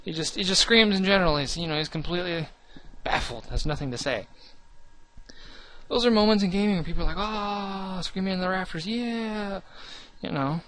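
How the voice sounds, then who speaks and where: A young man with a slightly high voice, talking casually about his gaming channel. He rambles, restarts often and puts himself down. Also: expressive, quick pace, fairly bright tone. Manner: rambling, restarts often, earnest and self-deprecating.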